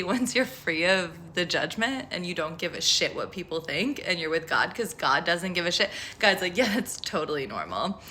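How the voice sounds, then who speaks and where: A woman's voice: on the low side, bright, forceful tone, slight background noise. A woman talking casually to camera about spirituality, frank and profane, rambling with lots of "like.". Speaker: spiritual tarot vlogger.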